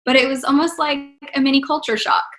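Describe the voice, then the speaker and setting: Being interviewed, a young actress and singer from Texas responds with bubbly enthusiasm, full of "like" and "you know," with only a trace of her largely trained-out Texan accent. She speaks quickly in a high, steady, fairly bright voice.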